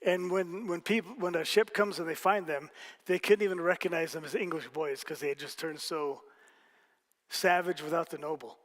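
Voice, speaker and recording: A man's voice: on the high side, steady tone, normal speed, fairly bright tone. A man preaching a sermon as pastor, telling stories casually with jokes and asides to the congregation. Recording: hall reverb.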